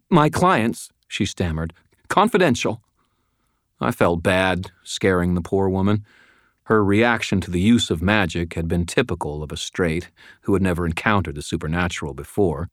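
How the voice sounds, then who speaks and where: Deep-voiced man narrating an audiobook. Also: dry recording, clean studio sound. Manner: measured, dramatic, dropping to a near murmur. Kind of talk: first-person audiobook narration.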